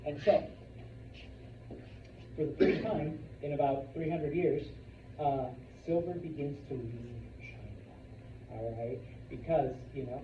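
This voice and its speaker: A man's voice: on the high side, steady tone, slow pace, pauses often, noisy background. A man teaching history in a casual, jokey way, acting out people's voices while he lectures to a classroom. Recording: roomy, distant, dull classroom recording.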